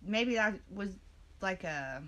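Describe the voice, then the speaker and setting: A woman's voice: mid-range voice, lively intonation, slow pace, sharp tone. A woman in her twenties chatting casually, laid-back and self-mocking, laughing often. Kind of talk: casual chat.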